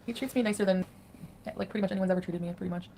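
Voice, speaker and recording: A woman's voice: mid-range voice, steady tone, rapid-fire, dark tone, slight background noise. Woman, chatty, giggly, casual livestream, greeting viewers. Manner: chatty, laughs between greetings. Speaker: livestreamer answering chat. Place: home in Kuwait.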